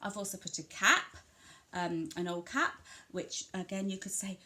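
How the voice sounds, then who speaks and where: A woman from England who gives a home video lesson to parents on early language play. She talks gently and reassuringly and slows down to stress the key words as she models them. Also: mid-range voice. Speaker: family centre early language practitioner.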